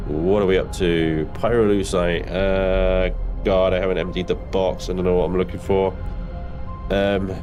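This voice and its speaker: A man's voice: deep voice, flat delivery, unhurried, over music. A man commenting on a live space game stream, chatty and joking at his own expense. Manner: chatty, jokey, self-mocking.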